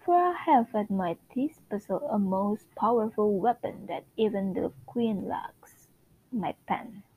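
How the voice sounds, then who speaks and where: A woman voicing a grand, gossiping society columnist in a put-on British accent, reciting slowly and theatrically. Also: medium pitch, animated, breathy edge, phone-quality sound. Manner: slow, stately, theatrical recital. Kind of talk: amateur dramatic reading.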